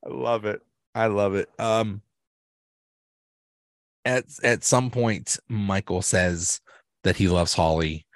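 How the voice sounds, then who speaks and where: A man hosting a casual solo podcast, talking in a rambling way with restarts and quick bits of quoted voices. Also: fairly low pitch, fairly even intonation, no room sound, studio quality. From Pittsburgh area. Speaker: podcast host.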